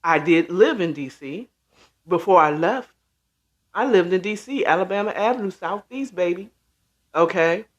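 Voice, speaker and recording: This livestream host, a middle-aged man born in D.C. and raised in Maryland, talks directly to his audience in a rambling, casual way, filling gaps with lots of ums. He speaks at normal speed in a high voice with lively intonation.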